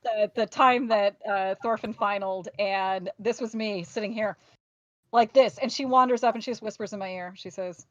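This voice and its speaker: A woman's voice: mid-range voice, brisk, no room sound. Frank woman on a dull, dry recording. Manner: lively, frank, laughs often, acts out quotes. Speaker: podcast host. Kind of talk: casual chat.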